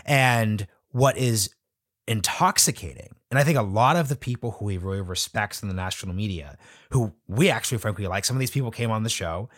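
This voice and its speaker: A male podcast host with a lowish voice, recorded dry and close. He is blunt and emphatic as he talks politics in a conversational way. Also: a little fast, a bit bright, no room sound.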